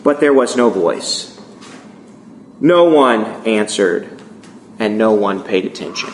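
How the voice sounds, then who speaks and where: A man's voice: lowish voice, expressive, slow, slight background noise. A man preaching a sermon in a church, earnest and prone to restarting words as he retells scripture stories. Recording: echoey room.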